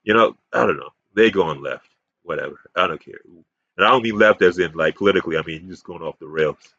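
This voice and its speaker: A man's voice: deep voice, brisk, vocal fry, bright, forceful tone, dry recording. A man giving a combative, profane, rambling ranting commentary as a YouTube commentator. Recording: dull, muffled sound.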